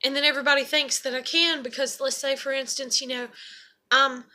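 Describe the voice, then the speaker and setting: Heated, bright-voiced young woman venting. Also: sits high, little pitch movement, a little fast. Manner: profane, rambling and heated. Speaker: single mother. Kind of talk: personal venting monologue.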